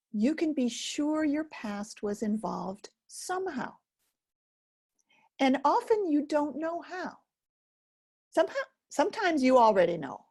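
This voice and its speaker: Slow, lively-voiced woman teaching gently. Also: on the high side, husky. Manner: gentle, slow, with long pauses. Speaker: focusing teacher. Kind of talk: guided self-help teaching.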